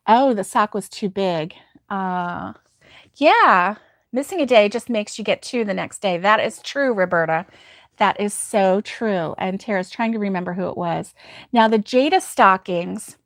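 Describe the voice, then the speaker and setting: Woman host, unhurried and chatty, dry close sound, laughs easily. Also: mid-range voice, no echo. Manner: chatty, rambling, laughs often. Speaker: crochet livestream host. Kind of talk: casual chat reading viewer comments.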